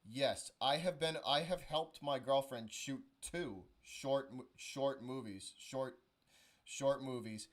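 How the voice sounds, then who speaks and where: Young guy streaming, chatty and sweary, keeps restarting what he's saying, average pitch. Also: slow. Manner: casual, profane, storytelling with many restarts. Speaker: stream host. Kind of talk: casual chat on a charity stream.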